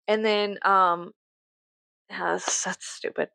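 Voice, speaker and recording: Animated, anxious, rambling woman vlogger. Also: on the high side, normal speed, gravelly, no room sound. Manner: animated, swearing, laughing often. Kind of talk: casual chat to camera.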